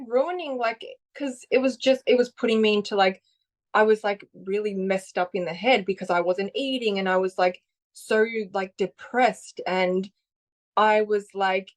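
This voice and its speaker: A woman, a podcast guest, telling her personal story in a rambling way full of "like" fillers and acted-out quotes. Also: medium pitch. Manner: rambling, frequent "like" fillers, acts out quoted voices.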